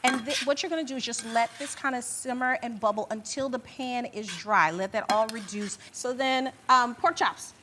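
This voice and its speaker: A woman's voice: on the high side, moderate pace, hardly any pauses, background noise. A woman chef doing a cooking demonstration in a studio kitchen, upbeat and gushing. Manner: upbeat, gushing, says "beautiful" a lot.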